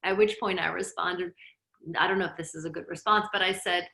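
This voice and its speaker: Middle-aged woman from Lebanon, therapist and yoga teacher, bright voice, gently guiding talk, roomy echo. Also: on the low side, steady tone, brisk, vocal fry. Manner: conversational, reflective, gently guiding. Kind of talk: teaching talk with personal stories.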